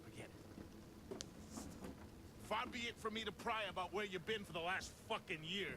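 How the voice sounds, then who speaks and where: A man's voice: high voice, normal speed, noisy background, close to an everyday voice. An actor playing a sardonic middle-aged male fence in a video game, wry and grumbling. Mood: needling. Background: game music.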